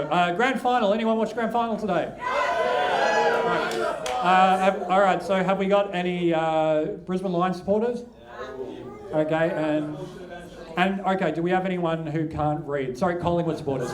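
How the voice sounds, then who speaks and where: A man's voice: high voice, a little fast. An Australian man doing a stand-up comedy set, crude and rambling as he tells self-mocking stories on a club stage. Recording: echoey club with crowd laughter. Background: audience laughing.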